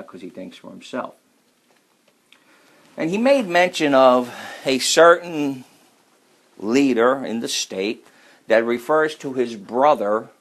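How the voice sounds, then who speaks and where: A man preaching a sermon, emphatic, repeating key phrases and slowing right down to stress his points. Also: lowish voice, creaky.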